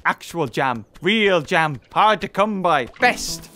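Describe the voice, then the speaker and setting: A woman's voice: fairly low pitch, animated, slow, few pauses, sharp tone, faint music behind. A woman giving playful, teasing commentary while playing a video game, often laughing and squealing at the characters. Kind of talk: casual let's-play commentary.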